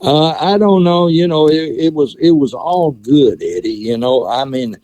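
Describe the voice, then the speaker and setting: A man's voice: fairly high pitch, moderate pace, mellow, no room sound. An older man telling stories in a folksy, rambling way, often restarting his sentences. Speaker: guitar session player, guest. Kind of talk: casual conversation, storytelling.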